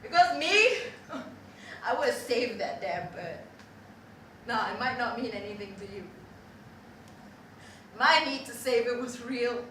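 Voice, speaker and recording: A woman playing a foul-mouthed young zookeeper rants a story in a high, sharp voice. Her talk is animated and laced with swearing. It is captured from far off in a very echoey hall with faint hiss. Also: takes it slowly, long pauses, heavily acted. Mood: ranting. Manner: ranting, profane, animated storytelling with laughs. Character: profane, restless young zookeeper ranting a story. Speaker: stage performer. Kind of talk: theatrical monologue.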